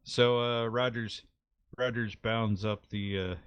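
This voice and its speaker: A man running a tabletop game as game master, explaining rules and narrating in a halting way with many fillers. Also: mid-range voice, steady tone, smooth, dry recording, muffled recording.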